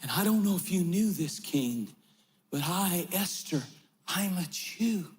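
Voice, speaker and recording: A man preaching in a large church voices an ancient queen pleading before a king, speaking low and earnest. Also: lively intonation, unhurried.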